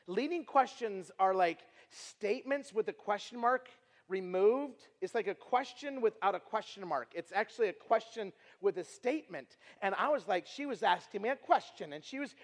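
A man preaching a sermon to camp staff, animated, repeating and restarting words and throwing questions at his listeners. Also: high-pitched. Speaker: traveling preacher. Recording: long hall reverb.

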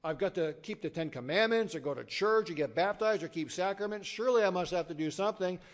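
A man preaching an evangelistic sermon, emphatic and storytelling, swinging from loud declarations to hushed low endings. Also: quick pace.

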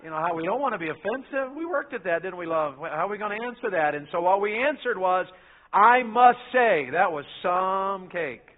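A middle-aged man, preaching a sermon in a folksy storytelling way that swings between loud and soft. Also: high-pitched, animated, fast talker, hardly any pauses. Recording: phone-like narrow sound.

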